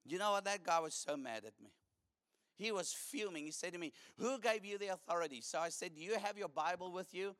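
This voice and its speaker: A man's voice: high voice, animated, a little fast, fairly bright tone, dry recording, studio quality. A man preaching a fervent sermon, telling a story and calling for responses from the congregation.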